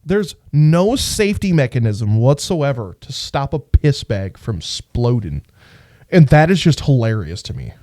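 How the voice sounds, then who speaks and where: A man co-hosting a podcast, telling stories in an animated way and swearing freely. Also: medium pitch, unhurried, no echo, studio quality. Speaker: podcast co-host. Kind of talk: casual podcast chat.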